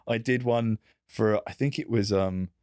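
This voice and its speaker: An English man in his thirties chats as a guest, his voice low and recorded close and dry. He tells stories with animated energy and laughs often. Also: unhurried, clear, resonant tone, dry recording. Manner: animated storytelling, breaks into laughter. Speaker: guest comedian and actor. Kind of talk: casual chat.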